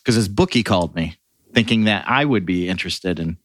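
A man's voice: sits low, animated, a little fast, a bit bright. A man co-hosting a casual podcast, cracking jokes, cursing and laughing often. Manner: wisecracking, swears, laughs often. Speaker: podcast co-host. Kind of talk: casual chat.

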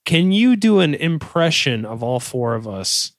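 A man hosting a casual podcast, reading out plugs and teasing his co-hosts in a relaxed, playful way. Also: a little high, unhurried, dry recording, clean studio sound. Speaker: podcast host.

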